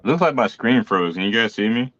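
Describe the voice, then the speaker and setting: A man's voice: on the low side, animated, brisk, fairly bright tone. A man on a video call, answering briefly and a little hesitantly. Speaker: guest artist. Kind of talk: casual live-stream chat. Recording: dry, dull lo-fi call audio.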